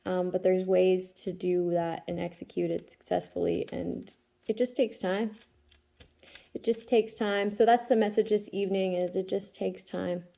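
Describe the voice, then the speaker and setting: Her voice is fairly low, gravelly, and dark, with fairly even intonation and a moderate pace. She's a tarot reader in her thirties chatting casually about her day and her kids for a spiritual vlog, frequently checking in with "okay?"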